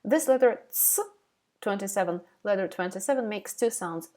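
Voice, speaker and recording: A woman teaching a language lesson, saying each word twice, slowly and carefully, with short plain explanations. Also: medium pitch, darkish tone. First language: Ukrainian. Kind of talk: slow alphabet lesson with repeated words.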